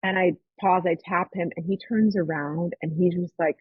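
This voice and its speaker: Speaking at normal speed in a lowish, husky voice, a woman hosting a podcast tells a personal story in casual chat, lively and acting out the people she quotes. The audio is narrow and tinny, with no room sound.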